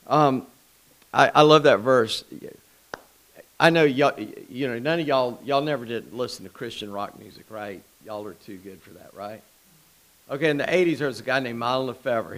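A man's voice: mid-range voice, normal speed, fairly bright tone, poor audio. A man preaching an informal sermon in a small church, folksy and conversational, with asides and restarts. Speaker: pastor.

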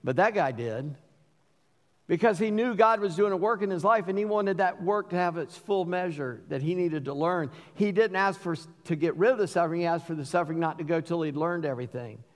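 A man preaching a sermon as pastor, earnest, dropping to a hush on key lines and rising when he pleads. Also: sits high, fairly quick. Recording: long hall reverb.

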